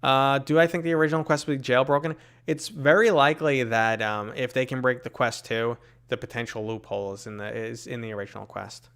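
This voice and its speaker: A man's voice: medium pitch, steady tone, brisk, creaky, few pauses, fairly bright tone, clean tone. A man from New York City with a New York accent, casually answering live chat questions, full of fillers and tangents. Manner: rambling, many fillers, reads chat aloud.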